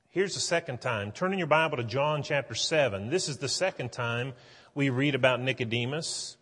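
A man preaching a sermon with earnest conviction, often turning emphatic. His voice is husky at a middle pitch. It rings out in a large hall with a long reverb. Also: a bit bright. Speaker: pastor.

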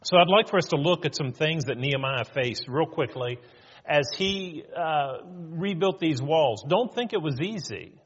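A man's voice: fairly high pitch, expressive, moderate pace, slightly rough. Man preaching in an echoing hall. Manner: conversational preaching, acting out quoted voices. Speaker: pastor. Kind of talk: sermon. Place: church sanctuary. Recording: muffled church hall with long reverb.

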